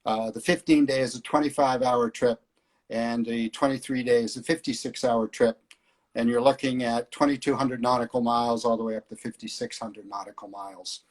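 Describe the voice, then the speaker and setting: A middle-aged man who organizes flying tours chats casually in an interview, a relaxed storyteller whose speech is full of hesitant fillers. His voice is medium-pitched and his pace is normal.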